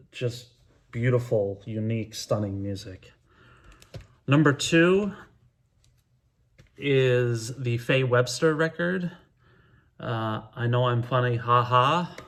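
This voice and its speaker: A middle-aged man with a medium-pitched voice, chatting to camera about music he loves. He is relaxed and enthusiastic, and often pauses to hesitate as he speaks. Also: creaky. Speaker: music vlogger. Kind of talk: casual talk to camera counting down favorite records.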